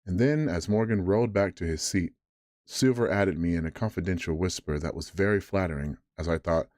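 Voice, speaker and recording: A man reading a classic adventure novel aloud as a bedtime story, measured with occasional stumbles over words. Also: low-pitched, darkish tone, dry recording, clean studio sound.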